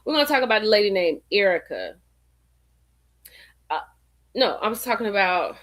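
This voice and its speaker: A woman hosting a casual livestream, chatty and animated, calling her viewers y'all and girl. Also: medium pitch, normal speed, long pauses. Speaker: livestream host. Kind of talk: casual live-stream gossip chat.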